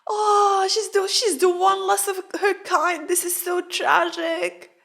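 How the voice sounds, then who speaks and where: A woman's voice: very high-pitched, fairly even intonation, slow, vocal fry, a bit bright, faint music behind. A young woman hosting a reaction video, exclaiming and swearing emotionally at what she watches, recorded on a podcast mic at home. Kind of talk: reaction commentary. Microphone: studio podcast mic.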